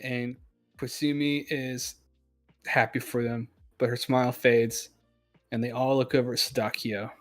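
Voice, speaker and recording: A man's voice: medium pitch, flat delivery, unhurried. A man narrates a manga chapter for a discussion show, describing each scene in a mid-range voice and fixing his own slips as he goes. Faint music plays under his reading. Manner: narrates scenes plainly, stumbles and corrects himself. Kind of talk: reading a manga aloud with commentary.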